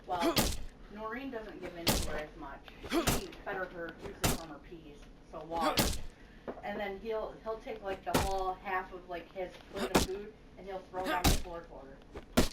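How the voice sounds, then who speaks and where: A woman tells casual stories in an animated, profane way and acts out the voices of the people she quotes. She sits some distance from the mic in an echoey space. Loud noise runs underneath her voice. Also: mid-range voice, moderate pace. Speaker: gamer chatting on voice call. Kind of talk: casual storytelling. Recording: echoey, distant, noisy game voice chat.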